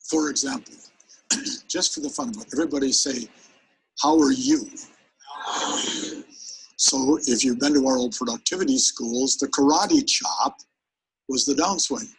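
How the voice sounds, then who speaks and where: A man leading a live training seminar, his voice gravelly and rough at the edges. He talks with plenty of energy and turns often to the crowd. His delivery is lively and direct, like a coach running a workshop. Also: medium pitch, normal speed, rough recording. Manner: energetic, demonstrative, speaks straight to the audience. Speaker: sales presentation trainer.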